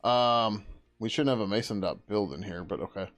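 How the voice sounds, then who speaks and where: With soft music in the background, a developer streams his coding live in a lowish, fairly bright voice at normal speed. He reasons out loud to himself, lets thoughts trail away, and swears in a casual way.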